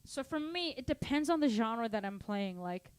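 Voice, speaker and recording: A woman's voice: a little high, animated, moderate pace, clean tone. A woman teaching drums in a casual online lesson, chatty and playful, singing patterns aloud. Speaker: drum teacher answering student questions. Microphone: studio microphone at drum kit.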